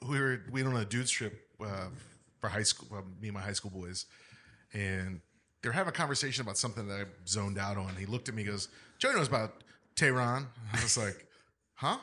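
A man's voice: fairly low pitch, a little fast, pushed and bright, breathy edge. A young man on a podcast, telling a casual story and acting out the quotes with animation. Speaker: podcast co-host.

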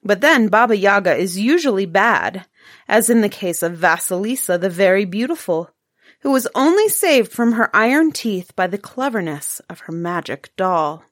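A woman's voice: mid-range voice, lively intonation, moderate pace, no room sound, studio quality, natural voice. A woman voicing a kindly old grandfather who tells folk tales to his grandchildren. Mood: telling tales.

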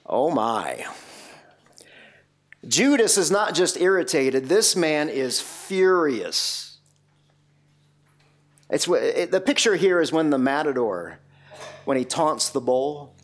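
A man preaching a sermon, telling a Bible story with lively rhetorical questions and shifting pace. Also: medium pitch, slow pace, long pauses.

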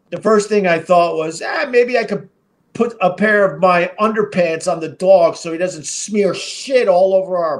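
A middle-aged man hosting a live stream, telling a story casually with a rambling, profane delivery full of fillers and restarts. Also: on the high side. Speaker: podcast and live stream host.

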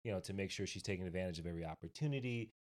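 A man's voice: low-pitched, very fast, darkish tone. A man co-hosting a podcast, giving reflective advice and often checking in with the listener. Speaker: podcast co-host and parent. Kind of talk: casual chat.

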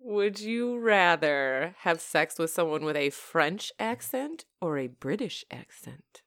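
A low-pitched woman talks raunchy and playful in a casual podcast chat. The sound is dry and close. She jokes and teases her co-host. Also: very animated, takes it slowly, fairly bright tone, dry recording. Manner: crude, laughing, playful banter. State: married.

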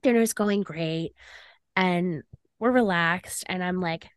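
A woman's voice: on the low side, slow, smooth, no echo, clean studio sound. A young woman co-hosting a podcast, telling a dating story in a chatty way with many "like" fillers. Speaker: podcast co-host. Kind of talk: casual storytelling chat.

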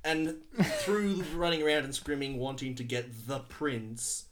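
A co-host talks in a loose, casual podcast chat. This speaker keeps jumping in to finish other people's sentences, at an even middle pitch. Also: a little slow.

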